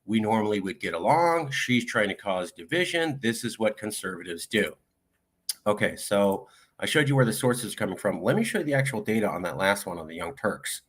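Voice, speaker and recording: A man's voice: lowish voice, expressive, fairly bright tone, slightly rough. A man giving casual political commentary, reading viewer comments aloud one after another. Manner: reads viewer comments aloud in quick succession.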